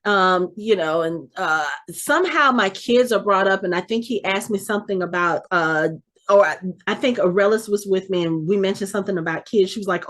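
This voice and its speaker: A woman's voice: medium pitch, moderate pace. Chatty middle-aged woman storyteller. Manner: chatty, animated storyteller who restarts and corrects herself. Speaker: podcast co-host. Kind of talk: casual anecdote telling.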